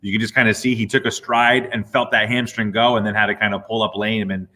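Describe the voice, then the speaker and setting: A middle-aged man, a physical therapist, casually explaining athletes' injuries with relaxed, playful asides. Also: on the low side, fast. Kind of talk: casual sports injury chat.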